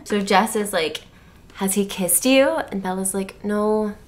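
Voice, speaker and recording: A playful woman co-hosting a chatty book club show. She talks at an everyday pitch and keeps the recap jokey, slipping into quick character voices. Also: little pitch movement. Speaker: podcast co-host. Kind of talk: casual book club chat.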